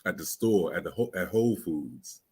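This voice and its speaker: A man co-hosting an online talk show, joking and animated as he tells stories. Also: low voice, normal speed, husky. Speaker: co-host. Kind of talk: casual podcast chat.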